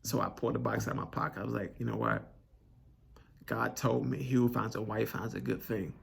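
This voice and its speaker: A man's voice: lowish voice, fairly even intonation, brisk, gravelly, husky. A man, telling a personal story in an earnest, conversational way with many restarts, choked up with emotion. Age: 20s. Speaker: vlogger telling his proposal story.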